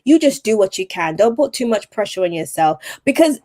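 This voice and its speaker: A woman's voice: medium pitch, very animated, fairly quick, mellow. A woman, a TV presenter and voice-over artist, speaking as a podcast guest and giving earnest, encouraging advice that repeats its key points. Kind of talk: motivational advice in conversation.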